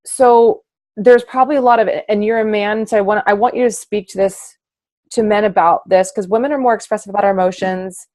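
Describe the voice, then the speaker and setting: A woman hosting a casual conversation, expressive and animated, acting out her own past thoughts with laughter. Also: medium pitch, brisk, no room sound. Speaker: host, naturopath.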